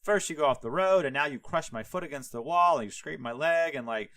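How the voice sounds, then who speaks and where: A man voicing an indignant, bad-tempered sorcerer who yells at his donkey in casual slang. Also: medium pitch, unhurried, creaky, clear, resonant tone, dry recording. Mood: angry. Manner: whiny, yelling, slangy.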